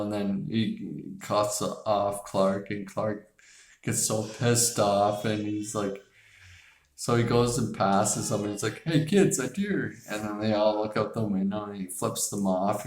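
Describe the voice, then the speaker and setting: A man's voice: lowish voice, darkish tone. Rambling man in an echoey room. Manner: rambling, frequent fillers and restarts, casual swearing. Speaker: host. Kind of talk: casual movie chat.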